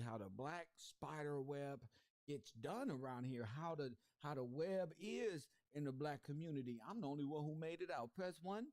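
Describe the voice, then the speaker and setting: Confrontational livestream host, a man, slangy and repetitive, slightly high voice, dry close sound. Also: a little mellow, no echo. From South Central Los Angeles. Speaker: YouTube commentary host. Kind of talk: livestream commentary rant.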